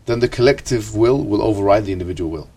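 A man's voice: on the low side, expressive, quick pace, darkish tone, husky, far from the mic. A man teaching an ethics class, asking the students questions and often checking with "right?".

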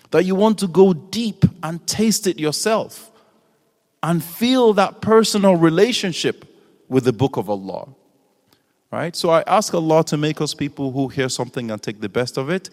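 Man teaching, lively and engaging. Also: on the high side. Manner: engaging, asks the audience questions. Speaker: Islamic teacher. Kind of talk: lecture to an audience. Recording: long hall reverb.

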